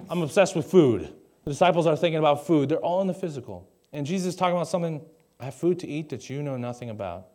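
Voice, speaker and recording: A young pastor delivers a conversational sermon on a stage mic to a live congregation, tossing in jokey asides and questions for the audience. His voice is mid-range and warm.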